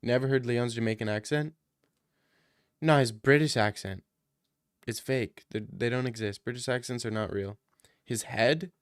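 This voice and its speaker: A man's voice: mid-range voice, moderate pace, long pauses, no echo. Joking male streamer, dry room. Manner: joking, mock-ranting. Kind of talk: casual chat answering viewer questions.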